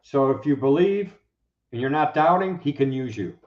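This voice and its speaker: Animated preaching man, roomy dull sound. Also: mid-range voice, normal speed. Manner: animated, acts out quoted speakers. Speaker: guest, Bible teacher. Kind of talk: casual conversational preaching.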